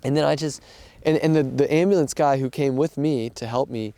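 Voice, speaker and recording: Gravelly, dark-voiced man recounting events. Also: mid-range voice, a little fast, no echo. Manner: earnest storytelling, acting out quoted dialogue. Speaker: missionary aid worker. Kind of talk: casual spoken account of events.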